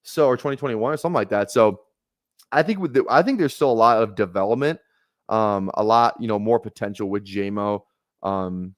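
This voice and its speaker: A man's voice: on the low side, moderate pace, no room sound, studio quality. A man casually rambling on a live stream while drafting fantasy football, talking loosely with filler words and the odd curse. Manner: laid-back rambling with frequent laughs and swearing.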